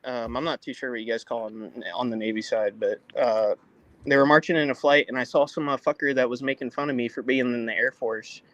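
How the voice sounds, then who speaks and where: A man of average pitch who talks loosely and crudely and keeps poking fun at himself. His voice sits close to the mic with a dry, dead sound. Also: fairly even intonation, a little fast, fairly bright tone, dry recording, dull audio. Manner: crude, self-mocking, loose storyteller. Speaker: Air Force veteran guest. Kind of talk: casual podcast banter.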